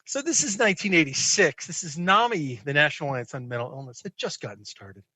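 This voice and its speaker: Animated American man telling a story. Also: a little high, quick pace, no room sound. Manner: animated, self-deprecating storyteller. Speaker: psychiatrist guest. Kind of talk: conversational storytelling.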